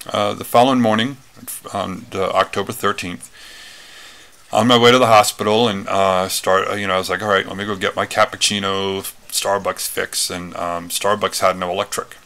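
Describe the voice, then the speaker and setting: A man's voice: low voice, level tone, moderate pace, vocal fry, sharp tone. A man telling a personal story in a casual talk, rambling with many fillers and restarts. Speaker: retreat speaker.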